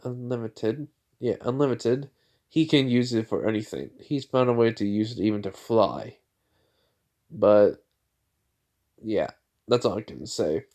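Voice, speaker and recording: A man's voice: fairly low pitch, unhurried, long pauses, mellow. Rambling young-sounding male storyteller. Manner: rambling, full of filler words. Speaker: fan storyteller. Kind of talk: casual fan-fiction retelling.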